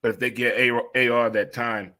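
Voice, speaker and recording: A man in his fifties hosting a casual sports talk monologue, rambling and exclamatory with sudden high-pitched outbursts. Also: level tone, moderate pace, sharp tone. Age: 50s.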